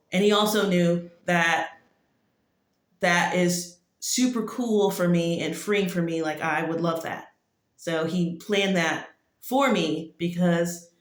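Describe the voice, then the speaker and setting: A woman giving a casual spoken testimony, rambling and full of "like" fillers. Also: lowish voice. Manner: rambling, heavy use of "like" fillers. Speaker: testimony speaker. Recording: echoey room.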